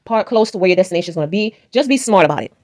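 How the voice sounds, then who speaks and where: A woman's voice: mid-range voice, animated, very fast, darkish tone. A woman telling a storytime vlog in a blunt, emphatic, profane way. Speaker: vlogger.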